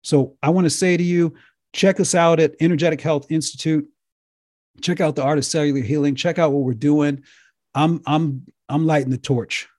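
A man giving an impassioned lecture-style talk to viewers, emphatic and repetitive, his voice getting hoarse. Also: fairly high pitch, fairly even intonation, moderate pace, darkish tone, dry recording, clean studio sound. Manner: emphatic, preachy, repeats himself. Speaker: speaker addressing viewers.

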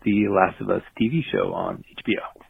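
A man's voice: on the low side, wildly swooping pitch, brisk, vocal fry, breathy edge. A man leaving an earnest voicemail for a radio show, with a few ums. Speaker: caller. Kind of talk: voicemail message. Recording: tinny phone voicemail.

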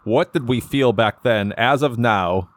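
A man's voice: mid-range voice, measured pace, no echo. A man hosting a podcast, chatting casually with friends and rambling through his thoughts, often correcting himself mid-sentence. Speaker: podcast host. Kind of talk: casual chat.

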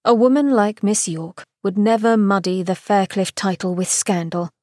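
A woman reads a romance novel aloud in an expressive, measured narration. Her voice sits at a middle pitch, and the recording is close and dry with no room sound. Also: no echo. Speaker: podcast host reading a novel excerpt. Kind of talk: scripted narration.

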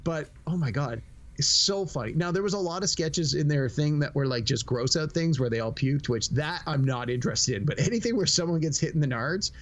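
A middle-aged man with a fairly high, brisk voice hosts a casual podcast chat, and the audio sounds dull. He's an animated storyteller who acts out quotes and laughs as he talks.

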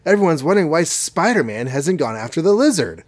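A man's voice: fairly high pitch, very animated, a little fast, voice pushed up. Guy voicing a chipper young cartoon hero, upbeat and casual. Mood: eager. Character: eager young superhero, male, upbeat.

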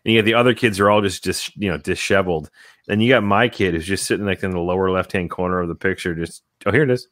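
A father in relaxed podcast chat who swears casually. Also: deep voice, quick pace, no room sound, clean studio sound. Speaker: podcast co-host.

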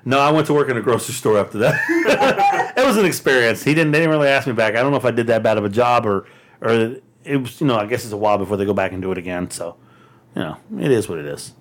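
A man telling a rambling, profane story in a casual chat, laughing often and getting animated. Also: medium pitch, quick pace, slight background noise.

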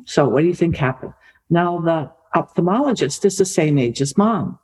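A middle-aged woman, an author and podcast guest, telling a family story in a lively conversational way. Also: sits low, normal speed, breathy edge, poor audio. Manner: lively anecdotal storytelling, repeats for emphasis.

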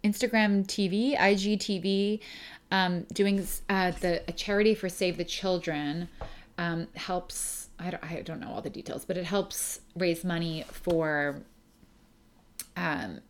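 A young adult woman hosting a podcast, reading a listener email aloud and chatting in a rambling, emotional way, laughing through tears. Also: lowish voice. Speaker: podcast host.

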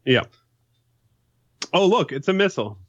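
Man, mid pitch, matter-of-fact explainer, dry dull home mic. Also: big pitch swings, a little slow, fairly bright tone, breathy edge, no room sound. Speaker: podcast co-host. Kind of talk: casual group chat.

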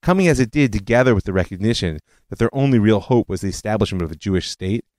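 A man's voice: lowish voice, quick pace, no echo. Guy hosting a history podcast, tells it like a story w/ side comments, voice goes all over, dry close sound. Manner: animated storytelling with personal asides. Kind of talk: scripted history lecture narration.

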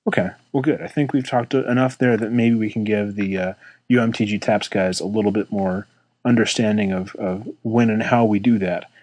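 A man's voice: on the low side, steady tone, normal speed, a little mellow, dry recording, rough recording. A man co-hosting a casual podcast chat, easygoing and teasing, often restarting his sentences, on a close mic. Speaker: podcast co-host.

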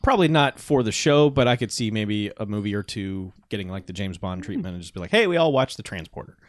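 A man co-hosting a movie podcast, gruff and quick to swear in casual chat. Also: on the low side, animated, no echo. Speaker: podcast co-host.

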